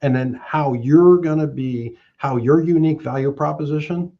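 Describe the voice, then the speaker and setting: A middle-aged man, a mortgage professional, giving animated sales advice and acting out both sides of phone calls. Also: a little high, moderate pace, muffled recording. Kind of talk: animated sales coaching talk.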